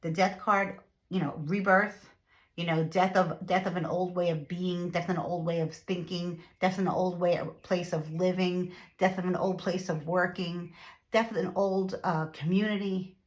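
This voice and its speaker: A woman's voice: lowish voice, fairly even intonation, moderate pace. A woman chatting through a casual tarot reading to her viewers, repeating herself and using lots of fillers. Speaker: tarot reader.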